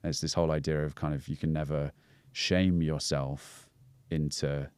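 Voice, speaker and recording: Deep-voiced Scouse man explaining calmly. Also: fast, clear, resonant tone, no echo. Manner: reflective, explanatory, many fillers and restarts. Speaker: podcast guest, breathwork coach. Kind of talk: casual podcast conversation.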